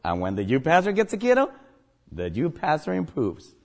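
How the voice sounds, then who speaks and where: A man's voice: a little high, huge pitch swings, moderate pace, noisy background. A man from Guatemala with a Guatemalan accent, a native Spanish speaker, preaching a sermon as pastor, emphatic and joking.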